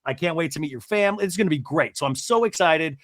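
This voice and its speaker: A male podcast host from Montana with a deep radio announcer voice, chatting casually and rambling through quick asides. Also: lively intonation, a bit bright, no echo, clean studio sound. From Montana, USA.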